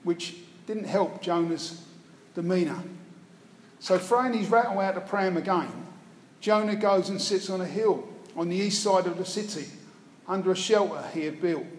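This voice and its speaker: A man's voice: high-pitched, normal speed. A man preaching a sermon, retelling a Bible story with wry storytelling asides. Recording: echoey hall, faint room noise.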